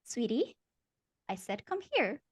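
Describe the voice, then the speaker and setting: An eerie mother , as a woman puts her on in a tabletop game, talks in a hushed, falsely tender voice. Her voice sits a little high and is slow and soft. The recording is dry and close. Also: big pitch swings, slightly rough, no echo, heavily acted.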